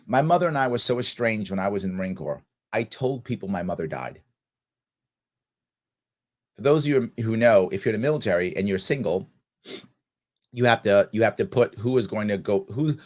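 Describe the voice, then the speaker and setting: A man in his forties with a somewhat low voice talks straight to his listeners in a heartfelt personal monologue. He speaks earnestly, repeats his points for emphasis, and lets real emotion come through as he hosts his show. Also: a bit bright. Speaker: show host.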